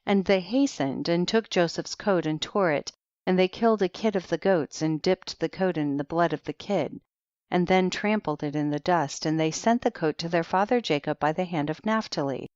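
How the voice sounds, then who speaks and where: A woman narrates an audiobook in a measured, even manner. Her voice sits on the low side. The recording is dry and a little dull. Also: no echo. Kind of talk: scripted narration. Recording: dry, slightly muffled recording.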